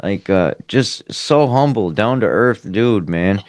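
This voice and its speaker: Low smooth-voiced man, filler-heavy chat. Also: animated, takes it slowly, no echo, studio quality. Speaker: podcast co-host. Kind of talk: casual chat.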